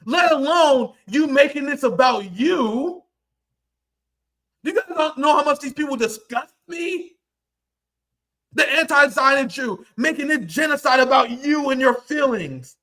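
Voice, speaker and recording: A man rants on his livestream in a very high, piercing voice. He is angry and profane and keeps tipping into shouts. His tone stays sharp and tense throughout. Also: a little slow. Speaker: livestream host. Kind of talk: heated livestream rant.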